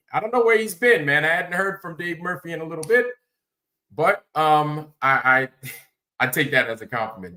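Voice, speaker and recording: A man's voice: medium pitch, pushed and bright. A man hosting a livestream, chatting casually, rambling and greeting viewers by name. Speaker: livestream host.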